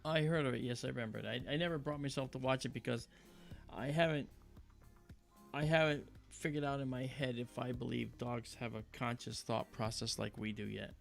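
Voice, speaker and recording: A man hosting a livestream, talking casually and telling animated stories with quoted voices. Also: medium pitch, a little fast, creaky, soft background music. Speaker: livestream host.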